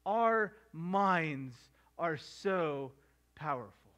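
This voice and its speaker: A middle-aged male pastor preaching a sermon, slowing down to stress the verses he quotes and acting out household scenes in voices. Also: high voice, animated, sharp tone, muffled recording.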